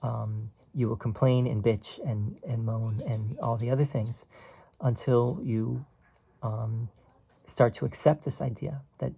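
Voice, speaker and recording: A man's voice: medium pitch, steady tone, unhurried, vocal fry, mellow, slightly rough. A man teaching a spiritual text in a casual, conversational way, explaining passages and often checking in with "right?". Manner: explains quoted text line by line.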